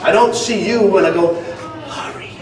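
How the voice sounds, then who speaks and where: A man's voice: fairly high pitch, expressive, moderate pace, noisy background. A man pastor preaching a sermon in a casual, conversational way, with frequent fillers. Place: church hall. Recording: echoey hall, distant mic.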